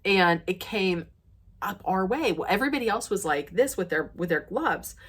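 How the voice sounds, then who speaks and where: A woman vlogger telling stories to the camera in a casual way, laughing often, her voice jumping high and loud when she gets excited. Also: normal speed, breathy edge.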